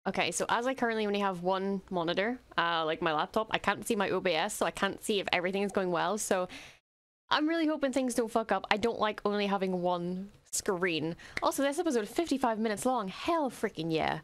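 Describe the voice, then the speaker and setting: A young woman streamer reacting to an episode, talking quietly and gushing with excitement, with plenty of swearing. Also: medium pitch, fairly quick. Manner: hushed, gushing and swearing freely.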